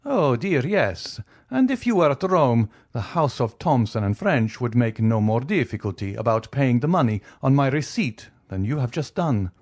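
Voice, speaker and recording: A man voicing a wealthy, coolly ironic middle-aged count who talks in a teasing, measured way. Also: mid-range voice, very animated, darkish tone, pitched above the performer's own voice. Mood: amused. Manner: teasing, measured, faintly mocking.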